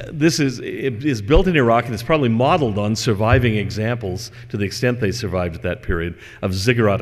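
Scholarly man lecturing in a hall. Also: lowish voice. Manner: scholarly, digressive, gently humorous. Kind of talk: scripture lecture.

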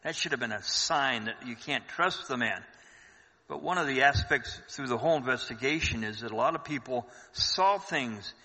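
A man with a very bright, edged tone and an average pitch explains events in detail, dropping the odd filler as he goes. His voice echoes with a long hall reverb. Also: normal speed, husky. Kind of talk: casual conversation.

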